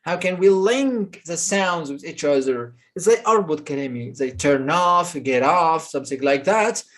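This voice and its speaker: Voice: medium pitch, expressive, moderate pace. A pronunciation teacher with an Egyptian accent, giving a recorded lesson and explaining each point in English and then again in Arabic.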